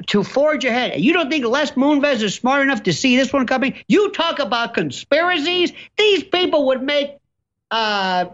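A man guest commentator ranting sarcastically in an animated chat, with ornate vocabulary and theatrical flourishes. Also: very high voice, normal speed, muffled recording.

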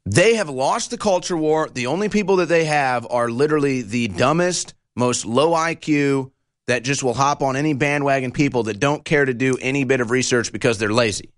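A man's voice: mid-range voice, moderate pace, no room sound, clean studio sound. A man hosting a political commentary show, ranting in a combative, insulting and heated way.

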